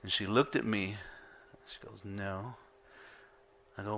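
A middle-aged male pastor preaching a sermon, telling personal stories in an animated way and acting out his own reactions. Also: medium pitch, slow, long pauses. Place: church.

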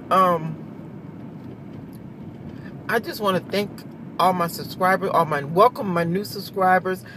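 Woman vlogger, chatty and rambling, recorded on a phone in a car with clear road noise behind. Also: on the low side. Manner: rambling, chatty, laughs often. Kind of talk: casual chat. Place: in a car in traffic.

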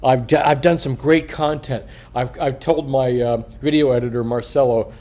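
A man's voice: medium pitch, fairly even intonation, normal speed, hardly any pauses, mellow. An older man, a coin shop owner, talking casually on a video in a rambling, profane way, chuckling and slurring a little through a missing front tooth.

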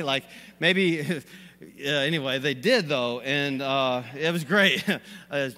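A man with a fairly high voice delivers a sermon in a church sanctuary, folksy and rambling. He fills his talk with "uh" and little chuckles. His voice carries the long reverb of a large hall. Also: normal speed, sharp tone. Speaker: pastor.

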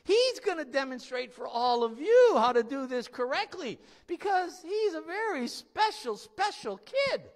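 A man acting out a loving, jolly older nun who teaches a class, speaking in a gentle, coaxing way. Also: very high-pitched, sing-song, unhurried, hardly any pauses, big-room sound, voice pushed up, exaggerated voice. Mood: loving, encouraging.

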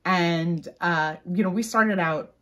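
A woman author chatting casually, grateful and quick to laugh. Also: on the low side, a bit bright. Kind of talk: casual chat.

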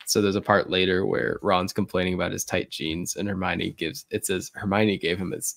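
A deep-voiced man with a gravelly, creaky edge co-hosts a casual podcast. His sound is close and dry, with no room around it. He chats loosely and drops wry, sarcastic asides. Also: little pitch movement, moderate pace, few pauses, a bit bright, no room sound. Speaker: podcast co-host. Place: remote call.

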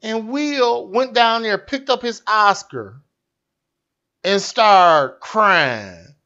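A man's voice: high-pitched, animated, extremely slow, pushed and bright, muffled recording. A man hosting a satirical news show, delivering a blunt, profane, repetitive comic rant.

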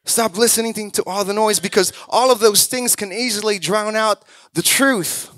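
A man preaching a sermon as a pastor, acting out quoted voices and building to loud exhortations. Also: high voice, normal speed, no echo.

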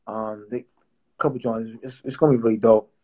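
A man's voice: lowish voice, fairly even intonation, brisk, slightly rough. Loose, rambling man on a dull line. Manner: loose and playful, lots of fillers and repeats. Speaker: songwriter and producer. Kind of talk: casual interview chat.

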